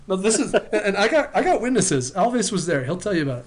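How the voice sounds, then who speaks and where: Chatty man retelling a story, bit high. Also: fairly quick. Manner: animated, acts out quoted dialogue, many fillers and restarts. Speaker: former missionary telling a story. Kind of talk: casual storytelling conversation.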